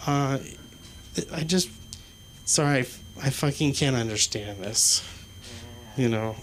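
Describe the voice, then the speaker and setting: Halting, swearing male stand-up comic. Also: medium pitch, steady tone, a little hiss or hum. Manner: halting, rambling, swears constantly. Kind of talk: stand-up set. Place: small comedy club stage.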